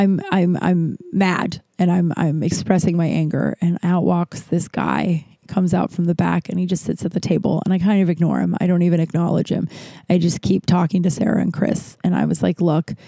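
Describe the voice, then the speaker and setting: A woman's voice: on the low side, creaky, no room sound. A woman in her thirties casually telling a long personal story, rambling and swearing, with many restarts and fillers. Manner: rambling, profane, animated retelling with many likes and restarts.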